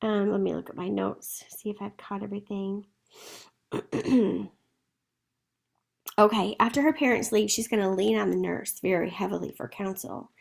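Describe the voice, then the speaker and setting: Casual woman teacher, gravelly fry, talks students through the text. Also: mid-range voice, moderate pace, long pauses, a little mellow. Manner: conversational, asks rhetorical questions. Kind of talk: explaining a play to students.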